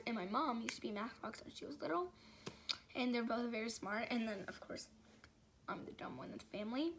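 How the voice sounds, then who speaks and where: A woman with a high voice tells a story to her vlog audience. Her telling is rambling and casual, full of "like" and "um" as she loses and finds her thread. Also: a bit bright, slight background noise. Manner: rambling, filler-heavy storytelling with frequent "like". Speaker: vlogger.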